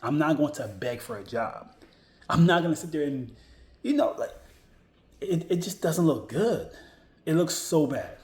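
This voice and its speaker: A man's voice: fairly high pitch, very animated, unhurried, pauses often, darkish tone. A man giving casual career advice to his viewers, emphatic, repeating his key points and often restarting his sentences. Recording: roomy echo.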